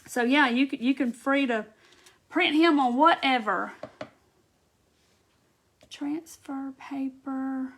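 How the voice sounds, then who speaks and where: A woman with a notably high voice hosts a live craft tutorial. She chats loosely as she works, stopping often to greet viewers by name and answer their comments. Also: normal speed, a bit bright. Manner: chatty, greets viewers by name while reading comments and working.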